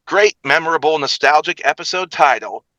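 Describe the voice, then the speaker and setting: A man playing a pumped-up countdown show host, pitched well above his normal voice and swooping up on every number. The bouncy announcer delivery is bright and sharp, with jokey asides, in a dry, close sound. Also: expressive, brisk, no echo, rough recording. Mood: showy.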